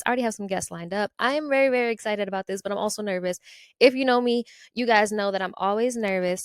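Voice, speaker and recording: A woman from Ohio, USA, hosts her own podcast in a casual solo monologue, chatty and playful, tagging her lines with "okay?" and "y'all." Her voice is fairly high with a clean tone, and the recording is dry.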